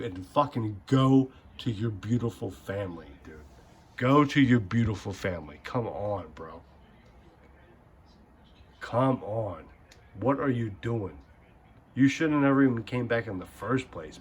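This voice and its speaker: A man's voice: mid-range voice, breathy edge. A young man giving casual gaming commentary, ranting in a heated, profane, rambling way. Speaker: gaming channel host.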